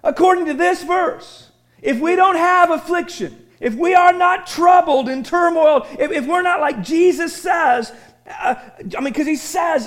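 A man preaching a sermon in a church, animated and conversational, often breaking into excited shouting and asking the congregation questions. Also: very high voice, moderate pace. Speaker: pastor. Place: church sanctuary.

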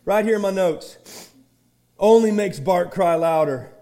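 A pastor preaching a sermon in a church, swinging between quiet asides and shouted, drawn-out peaks. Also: male voice, high voice.

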